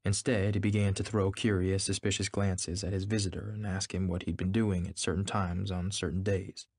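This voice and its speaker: Deep-voiced man reading steadily. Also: little pitch movement, moderate pace, darkish tone, breathy edge, no echo, studio quality. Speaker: narrator. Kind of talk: scripted narration.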